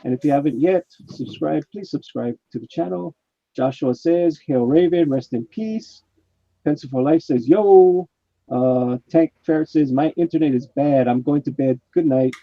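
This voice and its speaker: A man's voice: on the high side, normal speed, no room sound. A man hosting a casual live stream, chatting and reading viewers' chat messages aloud. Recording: muffled, dull mic sound.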